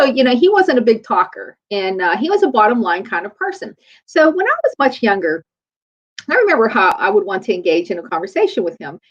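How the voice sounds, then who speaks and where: Middle aged lady chiropractor doing a faith talk, chatty storyteller, kinda muffled lo-fi audio. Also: medium pitch. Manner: conversational storytelling. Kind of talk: faith-based motivational talk. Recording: dull lo-fi recording.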